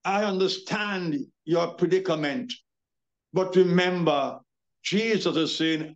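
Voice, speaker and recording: A man preaching a sermon as pastor, emphatic, with drawn-out words and pauses, calling his listeners beloved. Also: high-pitched, lo-fi sound.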